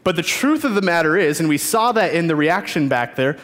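A man's voice: on the high side, lively intonation, a little fast, fairly bright tone, in a large hall. A man preaching a sermon as youth pastor, telling stories earnestly with emphatic repetition, in a church.

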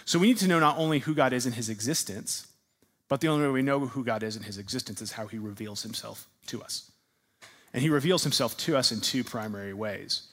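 Male pastor, mid-pitched voice, teaching a class sermon. Interactive and emphatic, fires questions at listeners. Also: a little fast. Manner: asks the audience questions and repeats their answers; emphatic, leans into repeated words.

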